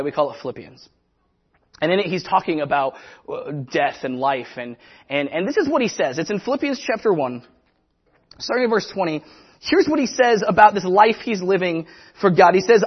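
A man preaching a casual, animated sermon to a congregation, talking conversationally with quick asides. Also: high voice, husky, lo-fi sound. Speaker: pastor.

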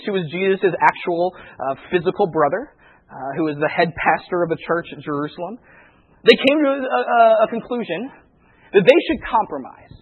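A man's voice: very high voice, breathy edge. A male pastor preaching a sermon in a conversational way, acting out the voices of people he quotes. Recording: tinny phone-like radio recording.

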